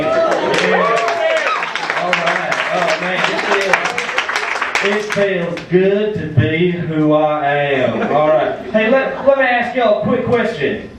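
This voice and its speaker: A man doing stand-up, talking in a hesitant, halting, quiet way in a comedy club. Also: sits high, recorded from a distance. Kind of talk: stand-up confession bit. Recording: echoey club heard from afar.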